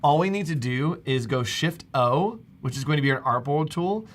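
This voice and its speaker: A man hosting a live stream, casually walking viewers through a software demo step by step. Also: a little high, lively intonation, moderate pace, a little hiss or hum. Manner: casual, talks viewers through steps on screen. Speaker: livestream host.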